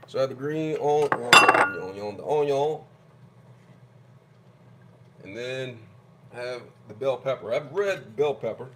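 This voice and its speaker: A man in a home kitchen talks his viewers through a meal, narrating each step in a loose, chatty way as he chops and stirs. His voice sits in a middling register, and loud clatter of pots, dishes and cutlery runs under everything he says. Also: mid-range voice, measured pace, long pauses, noisy background. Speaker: home cooking vlogger. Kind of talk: casual cooking demonstration.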